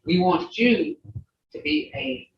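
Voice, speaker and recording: A language teacher leads a class over a video call, folksy and plain-spoken, saying words over and over so students catch each sound. The delivery is unhurried, and the pitch swoops up and down with a lively lilt. The audio is distant and roomy, dull, with a faint hiss underneath. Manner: repeats native words slowly to drill sounds. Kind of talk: online language class, pronunciation drill.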